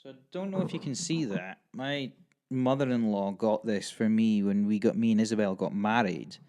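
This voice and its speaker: A Scottish man in his thirties telling stories on a casual podcast, animated and sweary. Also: on the low side. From Scotland. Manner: animated, sweary, quick to mimic others. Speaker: podcast co-host. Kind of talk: casual storytelling chat.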